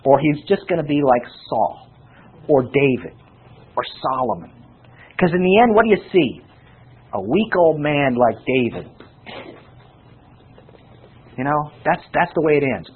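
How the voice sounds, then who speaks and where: A man preaching a sermon and teaching from scripture, with animated delivery and frequent rhetorical questions to his listeners. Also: on the high side, breathy edge. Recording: tinny phone-like sound.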